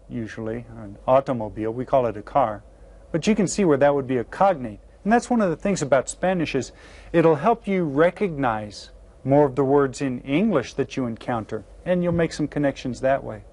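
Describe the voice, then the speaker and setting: A man teaching a beginner language lesson to children, slowly and patiently sounding out each word. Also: mid-range voice, expressive, darkish tone. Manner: slow, patient, carefully sounds out words. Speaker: Spanish teacher. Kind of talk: classroom video lesson.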